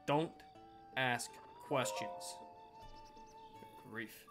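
A man giving casual gameplay commentary, excitable, swearing playfully and talking to the game. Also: mid-range voice, a little slow, pauses often, soft background music. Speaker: let's play gamer.

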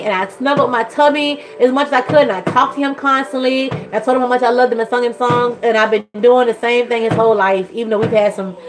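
A woman, chatting casually to camera as a vlogger and mother, rambling and gushing. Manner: rambling and gushing, swings into high excited voices.

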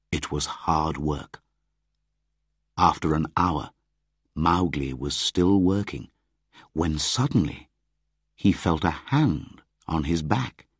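A man reading a storybook aloud as the narrator, in a measured, deliberate way. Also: very deep voice, slightly rough, no room sound, clean studio sound.

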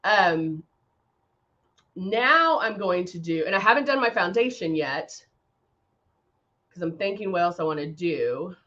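A woman's voice: fairly low pitch, expressive, measured pace, pauses often, pushed and bright, muffled recording. A woman hosting a casual live-stream makeup chat. She rambles, laughs often and reads out viewer comments. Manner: laughs often, many fillers. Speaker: makeup brand host.

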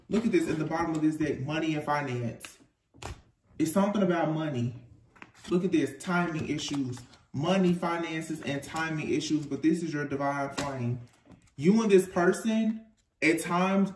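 A man giving a casual tarot reading to his viewers, animated and informal, laughing often. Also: a little high, far from the mic. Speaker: tarot reader. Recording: echoey room, off-mic, faint noise.

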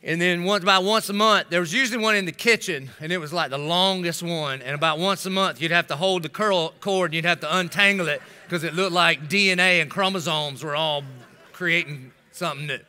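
A man's voice: on the high side, fairly quick, bright, forceful tone, clear, resonant tone. A middle-aged male pastor preaching a sermon, telling funny stories and making asides to the congregation in a large church sanctuary. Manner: storytelling, humorous asides to the congregation. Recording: long hall reverb.

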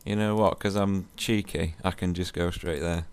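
A young man chatting casually while playing a game, joking and bantering with sudden excited squeals. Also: low-pitched, normal speed, clear, resonant tone. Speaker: co-host gamer. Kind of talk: casual gaming chat.

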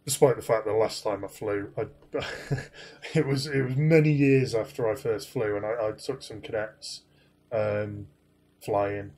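A man's voice: on the low side, fairly even intonation, measured pace, darkish tone, husky. A man casually telling a rambling, self-deprecating anecdote, full of fillers and restarts. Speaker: flight sim streamer.

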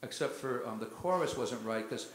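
A man telling stories from the stage at a live concert, loose and rambling as he drops "man" into his sentences. His voice sits at an ordinary middle pitch. It rings out through a roomy hall with a long reverb tail. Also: expressive, moderate pace. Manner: laid-back rambling storyteller, says "man" a lot. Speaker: singer-songwriter performing on stage. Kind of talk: storytelling between songs at a concert. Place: live music venue, heard from a hall.

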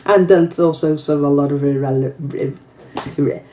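A woman's voice: deep voice, normal speed, dark tone, a little hiss or hum. A woman co-hosting a casual e-liquid review, teasing her partner with dry humour and tripping over words now and then. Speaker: co-host.

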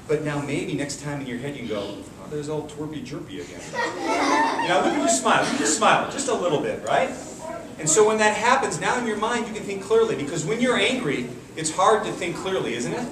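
A man, a martial arts instructor, giving an energetic call-and-response talk to children at a school assembly, coaxing them to repeat phrases. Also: fairly high pitch. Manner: energetic, coaxing, asks questions and has the kids repeat phrases. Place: large echoey room such as a school gym. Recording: echoey hall from far off with kids' noise. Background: children's voices and room noise.

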